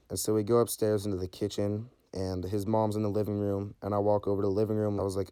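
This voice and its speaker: A man's voice: on the low side, little pitch movement, rapid-fire, hardly any pauses, mellow, clean tone, dry recording, studio quality. A teenage guy telling a casual storytime, rambling with lots of "like" and "you know" and swearing freely.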